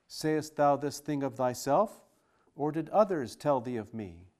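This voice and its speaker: Calm, solemn prisoner, read by a man. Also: mid-range voice, natural voice. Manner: measured, solemn archaic reading. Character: calm, solemn prisoner speaking of his kingdom.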